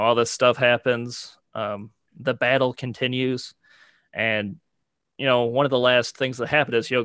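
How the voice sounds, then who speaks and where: A man's voice: mid-range voice, a bit bright, no echo, studio quality. A man co-hosting a podcast, talking casually and rambling with lots of "like" and "you know". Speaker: podcast co-host. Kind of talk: casual chat.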